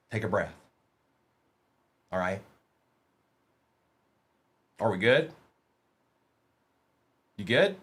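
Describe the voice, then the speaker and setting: A man's voice: medium pitch, fairly bright tone. A man hosting a live-streamed trading card break, chatting with viewers by name and reading out lists of players. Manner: talks to chat viewers by name, reads lists of names quickly. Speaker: livestream card break host. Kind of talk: casual live-stream chat.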